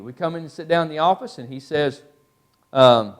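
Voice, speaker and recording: A man's voice: medium pitch, brisk. A man teaching a church Bible class, telling stories in a folksy way with many fillers. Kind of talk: storytelling in a class.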